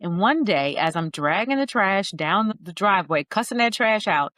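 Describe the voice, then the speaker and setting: A woman's voice: mid-range voice, expressive, moderate pace, fairly bright tone, dry recording. A middle-aged woman speaking as a grief coach in an interview, earnest and storytelling, acting out bits of dialogue. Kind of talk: conversational interview.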